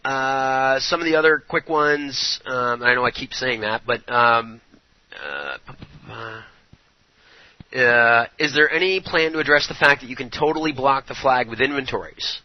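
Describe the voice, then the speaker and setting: A man's voice: medium pitch, animated, measured pace, highs cut off. A man hosting an interview, asking long rambling questions with fillers. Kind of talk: casual interview.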